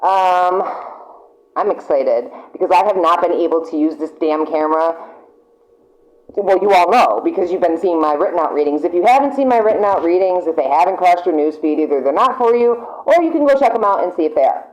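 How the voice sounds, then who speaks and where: Excitable swearing woman reading tarot. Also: lowish voice, fairly quick, low-quality recording. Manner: excitable, chatty, swears freely, laughs often. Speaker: tarot reader. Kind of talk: casual tarot reading to camera. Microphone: camera mic.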